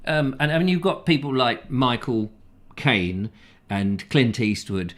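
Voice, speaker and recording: A man's voice: medium pitch, a little slow, a bit bright. An English man hosting a live comic chat show, rambling and joking as he reads out viewer comments.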